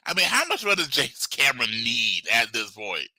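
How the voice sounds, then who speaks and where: A middle-aged man co-hosting a podcast in casual chat, jokey and riffing with quick asides. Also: mid-range voice, sing-song, bright, forceful tone, dry recording, rough recording. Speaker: podcast co-host.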